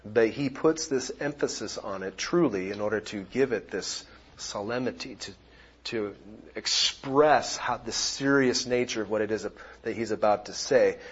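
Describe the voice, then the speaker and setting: A husky male pastor preaches at an unhurried pace, lingering over his words as he explains scripture. His voice carries a slightly breathy grain, and the recording sounds dull and lo-fi. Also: medium pitch. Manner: animated, shifting from quiet explanation to loud exclamations. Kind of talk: sermon.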